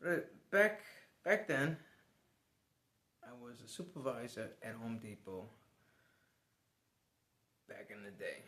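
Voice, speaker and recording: A man telling a personal story to the camera in a casual vlog, animated and swearing now and then. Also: medium pitch, slow, long pauses, echoey room. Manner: animated, swears, laughs as he tells it. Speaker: vlogger.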